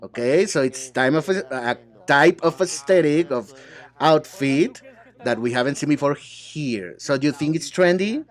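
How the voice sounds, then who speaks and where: One man, a translator, performs every part of an English reality-show dub, trading sassy, bickering lines among several speakers. He sounds animated and fairly high, keeping a measured pace.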